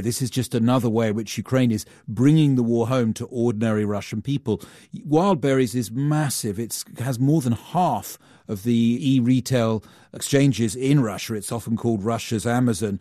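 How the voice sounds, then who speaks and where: A man, a global affairs reporter, explaining events in a measured, explanatory way during a news interview. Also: medium pitch, darkish tone, no echo, studio quality.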